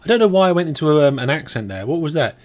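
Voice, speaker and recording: A man's voice: fairly high pitch, sing-song, quick pace, a little mellow. A man streaming a game live, thinking aloud as he plays and chatting back to his viewers. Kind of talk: live let's play commentary.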